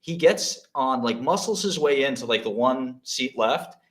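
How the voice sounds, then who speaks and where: A man's voice: medium pitch, unhurried. Rambling New man, casual podcast. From New York. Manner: rambling, swearing, laughing, animated outbursts. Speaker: guest.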